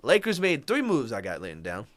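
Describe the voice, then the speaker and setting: A man co-hosting a podcast, walking through the trades in a casual chat with fillers and quick asides. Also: mid-range voice, wildly swooping pitch, a bit bright, dry recording. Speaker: podcast co-host.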